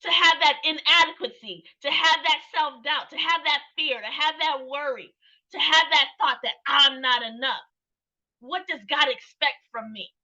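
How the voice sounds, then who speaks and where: A woman's voice: high-pitched, moderate pace, pushed and bright. A woman, a Christian counselor, giving an earnest, reflective faith talk, musing aloud, asking herself questions and often laughing. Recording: dull lo-fi sound.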